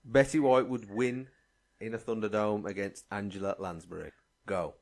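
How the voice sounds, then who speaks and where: A man hosting a comedy podcast who runs a quick game and prompts the others. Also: on the low side, fairly even intonation. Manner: brisk, playful game-show prompting. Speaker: podcast host running a game. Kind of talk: casual comedy chat.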